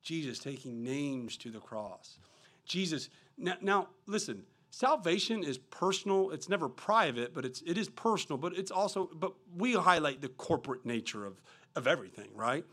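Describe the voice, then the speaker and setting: An animated male pastor delivering a sermon, his higher voice leaping up and down. He reads scripture and quotations with loud emphasis, then slips into quick, quiet asides to the congregation. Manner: animated preaching, swinging between soft asides and loud emphatic reading.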